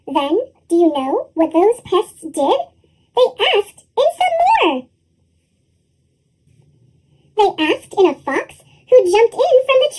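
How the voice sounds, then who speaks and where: Chipmunk-pitched storyteller reading rhymes. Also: darkish tone. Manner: bouncy sing-song rhyming delivery. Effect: sped-up chipmunk pitch shift. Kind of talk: reading a rhyming picture book aloud.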